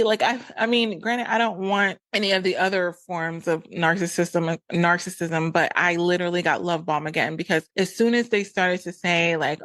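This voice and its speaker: A woman's voice: on the low side, moderate pace, dry recording. Candid woman psychologist telling her story. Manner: candid, animated quoting of herself and others. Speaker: psychologist and podcast host. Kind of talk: personal storytelling advice.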